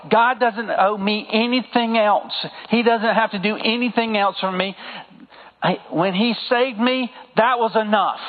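A high-voiced man with a Southern accent preaches in an easy, conversational way and keeps calling for amens from the pews. His voice comes through thin and phone-like, with a long reverb trailing after it. It sounds like a sanctuary heard over a narrow line. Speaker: pastor. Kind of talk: sermon.

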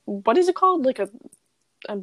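A woman in casual chat on a video call, halting and searching for words. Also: high-pitched, big pitch swings, no echo.

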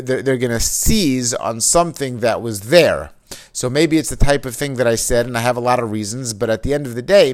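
A man gives a Torah lesson, reading Hebrew passages aloud and then explaining them. His explanations are loose and conversational, full of "you know" and restarts. His voice sits at an ordinary middle pitch for a man. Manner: reads Hebrew text aloud, then explains it in casual English with many fillers. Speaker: Torah teacher. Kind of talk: explaining a Hebrew mussar text.

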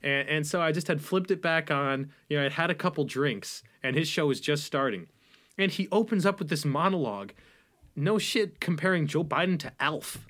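A young man co-hosting a podcast, talking in a rambling, animated way and mocking what he describes. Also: fairly high pitch, normal speed. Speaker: podcast co-host. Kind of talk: casual podcast chat.

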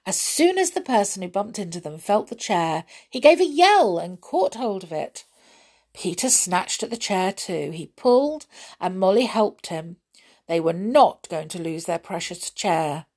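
A woman narrating a children's storybook in an expressive, animated way. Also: mid-range voice, unhurried.

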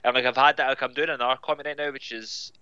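Brief: Scottish male guest, bright and crisp tone, slightly muffled lo-fi sound, chatty with many fillers. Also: medium pitch, steady tone, racing, no echo. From Scotland. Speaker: comic book writer, guest. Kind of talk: casual podcast interview.

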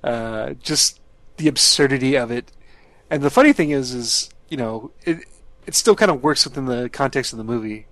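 A man's voice: medium pitch, moderate pace, a bit bright, no room sound. A man chatting casually as a podcast co-host, rambling, laughing often and swearing freely. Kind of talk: casual chat.

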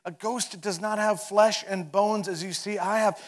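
A man voicing Jesus as a patient, reassuring figure who calms his frightened followers, in a gentle manner. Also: sits high, moderate pace, pitched above the performer's own voice.

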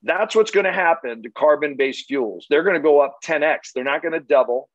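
A man's voice: fairly high pitch, lively intonation, a little fast, no room sound, lo-fi sound. A man giving a blunt, punchy sales talk full of rhetorical questions and the odd curse. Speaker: solar sales trainer.

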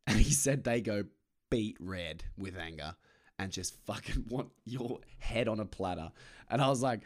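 A man's voice: on the low side, moderate pace. Rambling, sweary man. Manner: rambling, sweary, self-mocking, laughs often. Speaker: vlogger. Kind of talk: casual solo monologue to camera.

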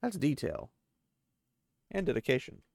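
A man with a gravelly voice recaps a book chapter in a loose, casual way, tossing in offhand asides. He is recorded close on a dry mic with no room sound. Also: on the high side, sing-song, unhurried, a little mellow, no room sound. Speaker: podcast host recapping a novel.

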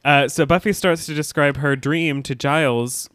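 Animated swearing podcast host man. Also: fairly high pitch, dry recording, clean studio sound. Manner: animated, swears, acts out lines in quick voices. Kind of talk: casual chat recapping an episode.

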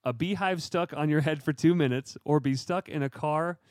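A man co-hosting a casual podcast, chatty and quick to laugh, with lots of fillers. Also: a little high, a little mellow, no echo, clean studio sound. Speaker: podcast co-host. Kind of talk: casual chat.

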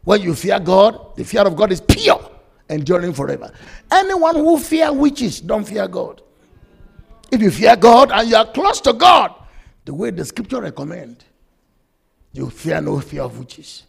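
A man's voice: high voice, big pitch swings, a little slow, vocal fry, breathy edge. A male pastor, giving an emphatic sermon and quoting scripture. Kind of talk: sermon with testimony.

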